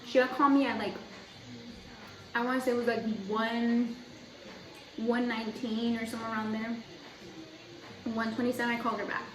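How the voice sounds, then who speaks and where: A woman's voice: a little high, little pitch movement, moderate pace, pauses often. A young adult woman telling a personal story in a casual, rambling way, full of "like" and restarts. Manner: chatty, rambling, heavy use of "like". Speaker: vlogger. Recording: echoey room, mic at a distance.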